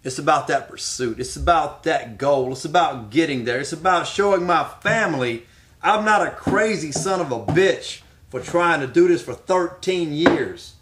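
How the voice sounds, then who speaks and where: A man's voice: on the high side, expressive, normal speed, background noise. A man who is an aspiring pro wrestler answers interview questions in an emphatic, fired-up, determined way.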